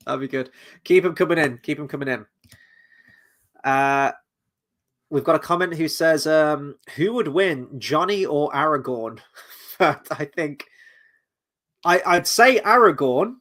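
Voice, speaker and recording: A British man reviews a series in a loose, chatty live-stream style. He rambles, fills pauses with ums, and swears casually, at a middle pitch for a man. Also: fairly bright tone. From Britain. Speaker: film and TV reviewer.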